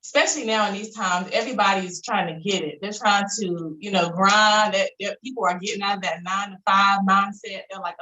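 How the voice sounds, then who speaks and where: A woman hosts a live conversation, her voice bright and forceful. She keeps up a steady stream of affirming murmurs. The room around her rings with echo. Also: medium pitch, fairly quick, few pauses. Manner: warm, affirming, frequent backchannels. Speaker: host. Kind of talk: live interview chat.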